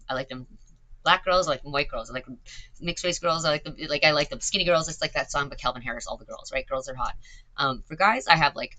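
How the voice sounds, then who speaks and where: A woman's voice: extremely low pitch, bright, forceful tone, poor audio. Swearing woman rambling casually. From Canada. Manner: chatty, swears a lot, filler-heavy. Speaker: streamer.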